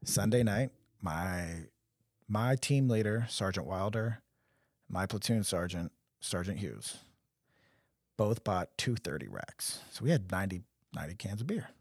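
A man's voice: deep voice, expressive, unhurried, slightly rough, dry recording, clean studio sound. A young man telling stories in casual podcast chat, acting out quotes in different voices. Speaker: podcast co-host.

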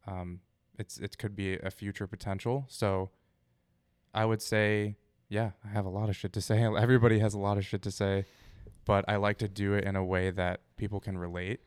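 A man with a low, smooth voice talks candidly about his songwriting, relaxed and a little profane. The sound is dry and close to the mic. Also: normal speed, no echo. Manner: candid, relaxed, occasional swearing. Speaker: musician guest. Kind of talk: casual interview.

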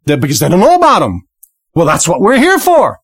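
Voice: mid-range voice, wildly swooping pitch, brisk, husky. A preacher giving a fervent podcast sermon, rising and falling for emphasis, with praise exclamations and repeated words. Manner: repeats words, laughs briefly.

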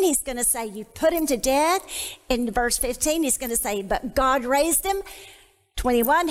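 A woman teaching the Bible to a live audience, emphatic and repeating key phrases for emphasis. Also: high-pitched. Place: church hall. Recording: long hall reverb.

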